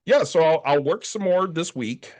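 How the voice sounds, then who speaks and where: This podcast co-host's voice sits a little high, and he moves at a moderate pace. Sounding tired from scant sleep, he tells a long story in casual chat, profane and animated, acting out the other people's quoted lines.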